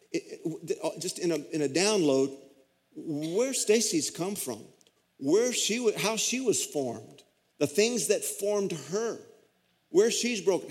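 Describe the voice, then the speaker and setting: In a church sanctuary with long reverb, a middle-aged pastor preaches a sermon, telling a story full of folksy, self-deprecating humor. His voice sits high and sounds a little mellow.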